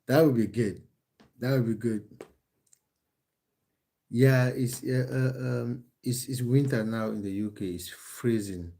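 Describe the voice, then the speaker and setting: A man with a soft, mellow voice chats loosely with viewers on a live stream, recorded on his phone at home. He talks in stops and starts, restarting his sentences and filling gaps with ums. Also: mid-range voice, fairly even intonation, a little slow, creaky, long pauses. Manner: chatty, hesitant, many restarts and fillers. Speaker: football coach and live streamer. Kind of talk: casual live-stream chat reading viewer comments. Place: at home in England.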